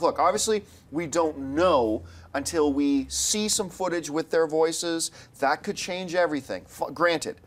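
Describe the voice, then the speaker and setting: Male panel host, casual talk, excitable and exasperated, lively pitch. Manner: animated, exasperated, pitch jumps high when excited. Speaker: show host.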